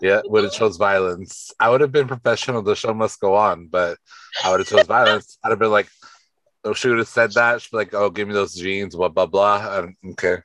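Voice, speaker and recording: A man's voice: on the low side, brisk, fairly bright tone, dry recording, poor audio. A man co-hosting a podcast, chatting casually and joking about celebrity drama with swearing. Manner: playful, profane, jokes in mock talk-show voice. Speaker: podcast co-host. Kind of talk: casual gossip chat.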